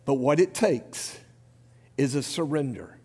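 A man's voice: medium pitch, slightly rough. A man preaching a sermon, giving a numbered list with rising emphasis and then leading the congregation in prayer. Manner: preaching with rising emphasis and a quiet, slowed close. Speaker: pastor. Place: church sanctuary. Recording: long hall reverb.

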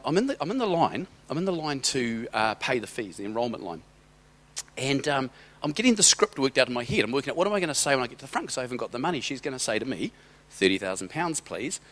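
Speaking in a mid-range, slightly bright voice, a middle-aged man at church tells a personal story as his sermon. His delivery wanders in a chatty way, with halting restarts along the way.

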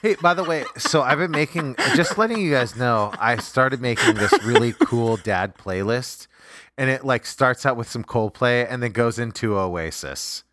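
A man co-hosting a comedy podcast, talking in excitable, profane casual chat. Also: medium pitch, moderate pace. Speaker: podcast co-host.

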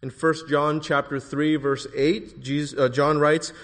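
A man preaching a sermon in a church, emphatic, rising to forceful bursts on key phrases. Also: fairly high pitch, little pitch movement, a little slow, in a large hall.

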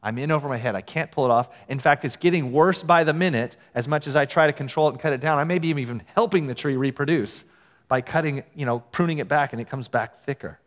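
A middle-aged male pastor telling a personal story in a sermon, animated and acting out what people said. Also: mid-range voice, fast talker, highs cut off. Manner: animated storyteller, acts out quoted lines. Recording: long hall reverb.

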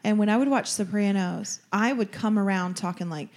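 A young woman talking in a casual chat, chatty and quick to tease. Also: mid-range voice, darkish tone.

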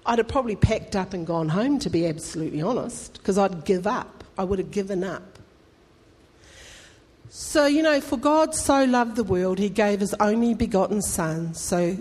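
Woman pastor, chatty but fervent sermon delivery, mid-pitched, long church-hall reverb. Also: normal speed, darkish tone. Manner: conversational, emphatic, rising to fervent appeals.

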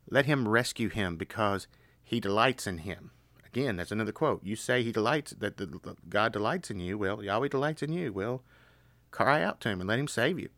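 A man teaching a Bible study, reading scripture aloud and explaining it earnestly, growing excited as he goes. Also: medium pitch, fairly quick, no room sound.

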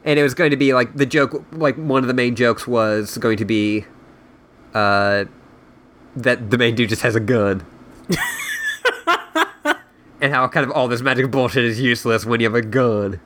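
A man's voice: medium pitch, fairly even intonation, normal speed, long pauses, a bit bright. Casual man reading and chatting. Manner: loose, filler-heavy talk with lots of "like". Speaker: podcast host. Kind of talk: casual chat and reading aloud.

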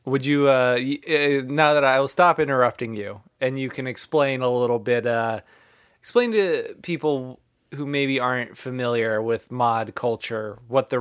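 A man co-hosting a music podcast, talking in an easygoing, rambling way. His humor is dry and low-key. The recording is close and dry, with no room echo, and his pitch sits in a middle range. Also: fairly bright tone. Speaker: podcast co-host. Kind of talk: casual music chat.

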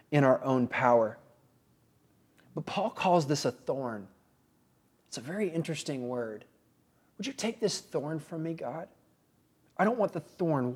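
A man preaching a sermon in an earnest way, often pausing and restarting. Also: fairly high pitch, a little mellow. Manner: earnest, with frequent pauses and restarts. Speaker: pastor.

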